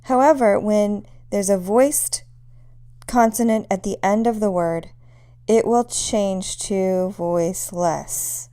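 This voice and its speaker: A woman's voice: medium pitch, slow pace, dark tone, smooth. A woman teaching a pronunciation lesson, patiently demonstrating sounds one at a time. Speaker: language teacher.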